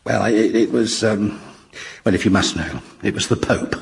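An actor playing an awkward, gentle male ghost in a radio comedy, speaking haltingly and apologetically. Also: lowish voice, creaky, very noisy. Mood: tender.

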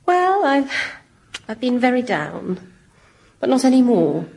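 Brief: a plaintive young woman, high and gravelly, over audible hiss. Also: sing-song, slow pace, a little mellow, exaggerated voice. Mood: bewildered. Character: bewildered, lonely young woman. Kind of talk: radio comedy acting.

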